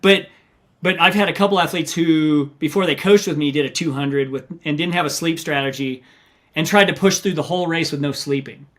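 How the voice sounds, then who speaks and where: A man's voice: fairly high pitch, a little fast. A middle-aged man, an ultramarathon runner and coach, telling stories in a podcast interview and acting out what people said. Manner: animated storyteller, acts out quotes.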